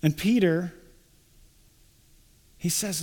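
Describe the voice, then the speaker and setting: Slow, high-voiced preacher in a hall. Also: male voice, sing-song, vocal fry, darkish tone, husky. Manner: slow, deliberate preaching with emphatic quoted lines. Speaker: pastor. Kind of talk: sermon.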